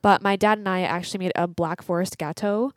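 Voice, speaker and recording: A woman's voice: mid-range voice, fairly even intonation, fairly quick, no room sound, clean studio sound. A young woman around twenty, a college runner chatting as a guest in an interview, upbeat and full of likes and you knows. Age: about 20. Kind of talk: casual interview chat.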